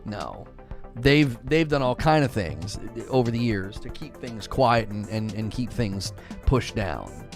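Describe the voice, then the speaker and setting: A man's voice: lowish voice, big pitch swings, slow, faint music behind. A young man hosting a gaming talk show, ranting emphatically and repeating himself. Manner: heated, emphatic, repeats phrases. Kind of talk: live stream talk show rant.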